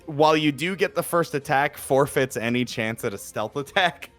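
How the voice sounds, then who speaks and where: A man's voice: on the high side, expressive, moderate pace, a bit bright, faint music behind. A man with a New Jersey accent narrating as game master, rambling with lots of fillers. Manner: rambling, many fillers, laughs often.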